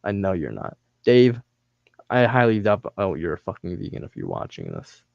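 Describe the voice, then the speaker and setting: A man's voice: low voice, huge pitch swings, moderate pace, vocal fry, a little mellow, dry recording, muffled recording. A man on a livestream, ranting angrily at his viewers with taunting, profane insults. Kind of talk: angry livestream rant at chat.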